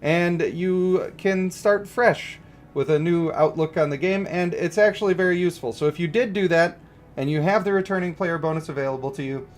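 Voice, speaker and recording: A man's voice: a little high, normal speed. A man giving casual, joking livestream commentary on a mobile game and greeting viewers. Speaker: gaming streamer.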